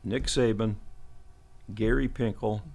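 A man's voice: fairly low pitch, fairly even intonation, slow pace, creaky, darkish tone. A man in his seventies, a veteran football coach, telling chuckling, rambling stories as an interview guest in a podcast studio. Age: 70s. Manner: chuckling, rambling anecdotes with restarts. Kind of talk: storytelling interview.

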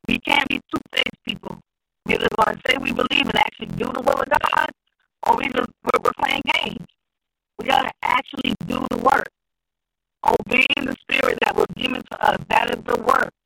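A man teaching from the Bible, reading scripture aloud slowly and deliberately, then preaching on it and repeating key phrases. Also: a bass voice, gravelly, sharp tone, poor audio.

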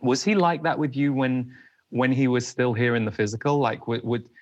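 A man hosting an interview who speaks in a thoughtful, halting way and often repeats words. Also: medium pitch, fairly even intonation, no room sound, highs cut off. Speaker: interview host.

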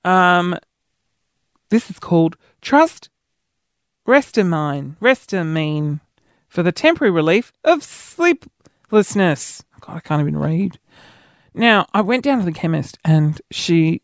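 A man with a creaky voice and big pitch swings tells everyday stories a little slowly in a casual, self-mocking monologue. He's chatty and acts out what people said with jumps in pitch, in clean studio sound with no room sound.

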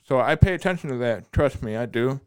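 A deaf man talking casually on a podcast, halting and often repeating his words. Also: mid-range voice, animated, clear, resonant tone. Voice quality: speech of a deaf speaker. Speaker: podcast regular.

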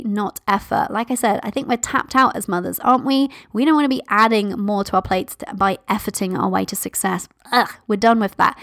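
A woman's voice: medium pitch, no room sound, clean studio sound. A woman hosting a motivational podcast, speaking encouragingly to her listeners and calling them "my love". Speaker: podcast host.

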